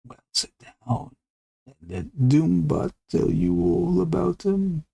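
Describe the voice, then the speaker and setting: Man doing a spooky robot storyteller, slow, mock-ominous, gravelly, husky. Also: high voice, mellow, no room sound, pitched above the performer's own voice, exaggerated voice. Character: spooky robot storyteller telling horror tales, male.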